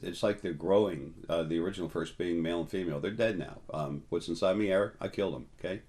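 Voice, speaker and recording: A man hosting a spiritual video, rambling through a casual monologue to his viewers and leaping higher in pitch whenever he quotes someone. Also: quick pace, darkish tone. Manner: storytelling, jumps up high when quoting people.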